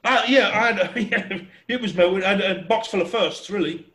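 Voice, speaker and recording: Chatty man, high voice, roomy echo. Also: normal speed. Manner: animated, chatty, acts out voices and sounds. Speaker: storyteller. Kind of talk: casual anecdote telling.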